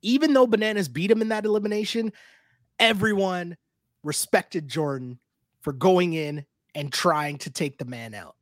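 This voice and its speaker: A man's voice: sits high, moderate pace, dry recording, studio quality. A man co-hosting a casual recap podcast, ranting emphatically and fired up. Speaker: podcast co-host.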